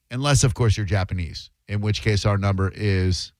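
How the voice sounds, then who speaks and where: A man's voice: sits low, brisk, hardly any pauses, darkish tone, no room sound. Man, radio talk show host, casual banter, sarcastic jokes, resonant voice, dead-dry studio sound. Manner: joking, sarcastic asides. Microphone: studio microphone.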